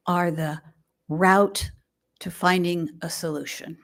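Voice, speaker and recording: Older woman, lay speaker giving a sermon; gentle, reflective, unhurried phrasing with pauses. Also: mid-range voice. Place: fellowship hall, indoors.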